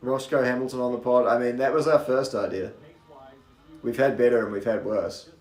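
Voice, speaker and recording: A man's voice: medium pitch, steady tone, normal speed, darkish tone, echoey room, soft background music. A man from New Zealand with a faint, mostly anglicized New Zealand accent, giving chatty live race commentary full of rambling asides. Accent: faint New Zealand, mostly anglicized toward British.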